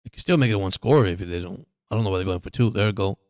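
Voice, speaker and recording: A man's voice: deep voice, quick pace, dry recording, clean studio sound. Chatty man calling a game live. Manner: chatty, excitable during plays. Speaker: livestream host. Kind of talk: casual live game commentary.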